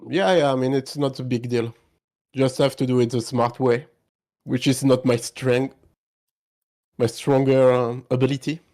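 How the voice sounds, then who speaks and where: A man's voice: medium pitch, little pitch movement, a little slow, pauses often, darkish tone. A man chatting casually on a live stream, easygoing and teasing.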